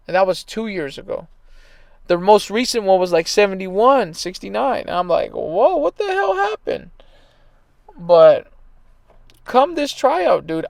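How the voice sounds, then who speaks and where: The speaker, a thirtysomething baseball player and coach, rambles emphatically through a casual story. There's a slight gravelly edge to his somewhat high voice, but it stays smooth and clear; the audio is dry and close, with no room sound.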